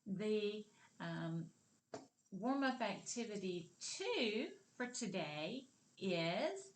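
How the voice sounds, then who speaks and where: Slow, deliberate woman teaching kindergarten. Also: mid-range voice, sing-song. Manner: slow, deliberate, modeling words clearly for young learners. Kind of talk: kindergarten literacy lesson. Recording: roomy echo.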